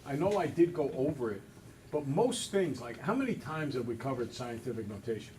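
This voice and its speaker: A male math teacher in a classroom, relaxed and a little self-deprecating, talking through each step aloud. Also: mid-range voice, a little fast, slight background noise. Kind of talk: classroom lesson. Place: school classroom with students.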